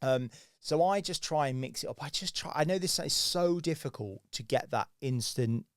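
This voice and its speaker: A man's voice: on the high side, normal speed, dry recording, clean studio sound. A man, a sales professional guest, chatting casually and acting out phone calls as he tells stories. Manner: animated storyteller, acts out phone calls. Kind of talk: casual conversational interview.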